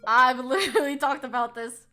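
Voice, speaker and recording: Bright, high-voiced animated young woman streamer. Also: moderate pace, soft background music. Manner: animated, laughs often, reads chat aloud, swears casually. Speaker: streamer hosting a quiz. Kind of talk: casual live-stream chat.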